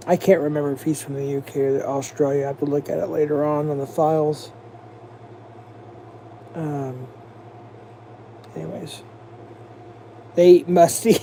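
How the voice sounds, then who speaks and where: Mellow-voiced profane livestream host. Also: male voice, fairly high pitch, a little hiss or hum. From United States. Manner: profane, rambling, mocking. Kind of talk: casual livestream rant.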